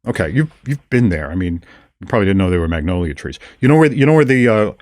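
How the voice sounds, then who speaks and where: Older man telling stories, low voice. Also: quick pace, no room sound, clean studio sound. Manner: storytelling, animated retelling of encounters. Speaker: podcast host. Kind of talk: casual conversation.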